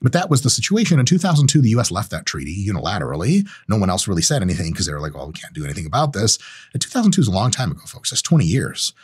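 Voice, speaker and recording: A man hosting his own show, talking in a casual monologue, animated and profane, with big swings in pitch when he voices other people's reactions. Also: very fast, hardly any pauses, slightly rough. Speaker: host.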